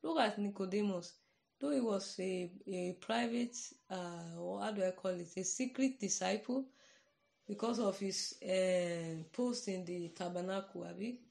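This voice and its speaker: A woman's voice: mid-range voice, measured pace, vocal fry, a little mellow. A Nigerian-accented woman preaching in an informal podcast sermon, earnest and conversational, often checking "you understand?".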